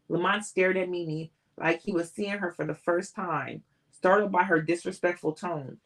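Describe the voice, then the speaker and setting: A woman's voice: lowish voice, normal speed, a bit bright, low-quality recording. A woman reading a novel aloud on a live stream, with small slips and restarts. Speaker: audiobook reader.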